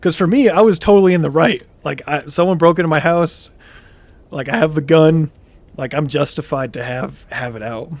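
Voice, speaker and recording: A man's voice: fairly high pitch, moderate pace, dry recording. A young man streaming, telling a story casually and reading chat comments aloud, laughing now and then.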